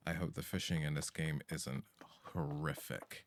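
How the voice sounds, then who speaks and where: A man's voice: extremely low pitch, a little slow, hardly any pauses, a little hiss or hum. A man streaming a game from home, chatting casually, swearing and reading on-screen text aloud into a desk mic. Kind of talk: live game-stream commentary.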